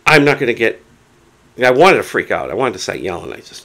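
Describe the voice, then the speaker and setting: A hard-of-hearing man casually retelling a doctor's visit to camera, animated and quoting people as he goes. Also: medium pitch, fairly quick. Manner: animated retelling with acted quotes. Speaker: vlogger.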